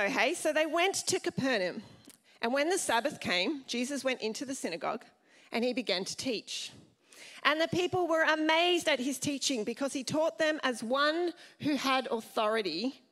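A woman pastor giving a sermon in a lively, chatty way, often asking the congregation questions. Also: high voice, moderate pace.

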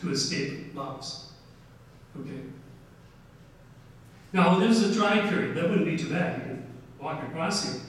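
A man's voice: a little high, a little hiss or hum. An older man giving a casual slide lecture on history, telling stories with many "uh"s and "okay"s. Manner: folksy storytelling with many "uh"s and "okay"s. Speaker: history presenter. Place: large echoey hall. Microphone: distant room mic. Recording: echoey hall recording from far off.

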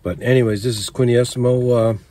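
An older man chatting in a relaxed, rambling way with lots of fillers, vlogging from a canvas teepee with a wood stove in the snowy woods. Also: medium pitch, brisk. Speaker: outdoors vlogger. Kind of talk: casual camp vlog. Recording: outdoor camp recording with steady background noise.

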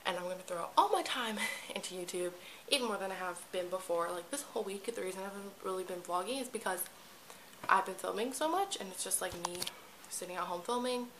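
A teenage girl vlogging casually at home, excitable and gushing, with lots of fillers, recorded on a camera mic. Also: mid-range voice, quick pace, slight background noise, low-quality recording. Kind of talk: casual vlog chat. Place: at home indoors.

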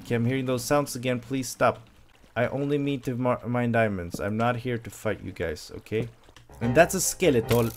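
A man doing excitable let's play commentary, yelping when startled. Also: medium pitch, moderate pace, faint music behind. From Sweden. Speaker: gameplay commentator.

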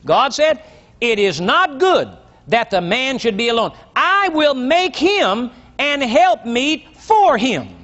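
An older man preaching a sermon, reading scripture slowly and with emphasis and asking his congregation questions, on a dull lo-fi recording. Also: very high voice, big pitch swings, fairly bright tone. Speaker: pastor.

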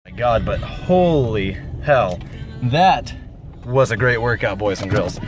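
A young man vlogging casually about his computer upgrade and daily routine, swearing freely and swinging between muttered asides and loud, upbeat advice. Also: mid-range voice, animated, slow, faint music behind. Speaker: vlogger and streamer. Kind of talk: casual vlog.

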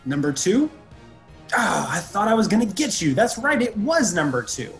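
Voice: medium pitch, very animated, moderate pace, soft background music. A show host reading a scripted quiz segment in an upbeat, game-show way. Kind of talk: scripted hosting.

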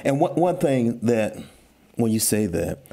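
A man's voice: mid-range voice, big pitch swings, unhurried, gravelly, warm tone. A man, a guest pastor on a church podcast, answering in short, affirming words. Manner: affirming, brief responses. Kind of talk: casual podcast conversation.

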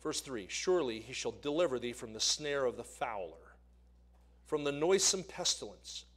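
A man preaching as an evangelist in a church, swinging between loud emphasis and quiet asides. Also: mid-range voice, lively intonation, normal speed. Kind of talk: sermon. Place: church sanctuary.

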